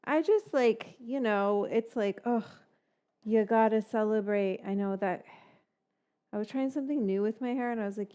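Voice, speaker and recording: Woman, cooking stream host, rambling casual chat, mild swearing, quiet muttered asides. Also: fairly high pitch, moderate pace, clear, resonant tone.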